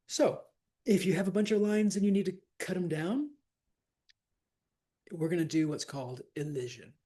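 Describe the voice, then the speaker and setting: A man teaching a lesson on verse scansion, talking casually, often checking in with "right?" and reading lines aloud slowly. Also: high-pitched, warm tone, slightly rough.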